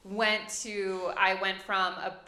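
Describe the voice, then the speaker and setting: A woman from Charlotte, North Carolina, hosting a casual interview chat in a relaxed, conversational way. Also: medium pitch, takes it slowly. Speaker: host. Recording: roomy echo.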